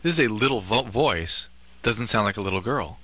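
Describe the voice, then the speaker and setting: A man's voice: on the low side, animated, moderate pace, pushed and bright. A man co-hosting a call-in radio show, asking the caller probing questions with wry asides. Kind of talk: call-in advice banter.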